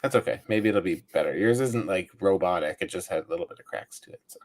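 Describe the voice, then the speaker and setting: A man's voice: deep voice, quick pace. A man co-hosting a podcast in easygoing, chatty casual talk. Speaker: podcast co-host. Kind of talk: casual chat.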